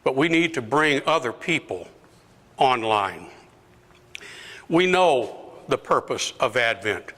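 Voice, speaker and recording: An older deacon gives a slow, animated talk to a parish lunch group in a medium-pitched voice that rings bright and forceful. Quoted exchanges get acted out and pushed toward shouts, and the parish hall adds a long, lingering reverb.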